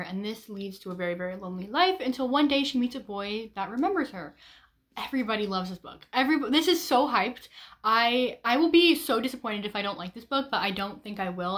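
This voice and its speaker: A woman's voice: on the high side, fairly bright tone. A young woman vlogger chatting casually about her reading plans, bubbly, with frequent ums and restarts. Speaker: book vlogger. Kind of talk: casual chat.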